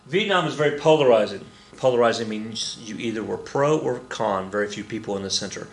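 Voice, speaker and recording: A man's voice: lowish voice, expressive, brisk. A man teaching a history lecture in a casual, joking way, often repeating key points for emphasis. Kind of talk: recorded classroom lecture. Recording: echoey room.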